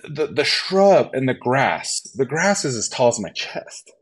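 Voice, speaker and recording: A man telling a hunting story as a podcast guest, animated and acting out the lines of others. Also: mid-range voice, unhurried, breathy edge. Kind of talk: storytelling in a casual interview.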